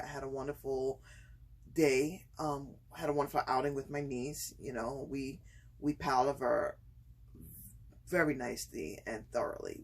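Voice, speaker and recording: Slow, husky-voiced woman vlogging from home. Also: rumbling low. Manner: hesitant, many pauses and fillers, turns excited and laughing when telling the story. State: slightly itchy throat from screaming. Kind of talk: casual personal vlog storytelling.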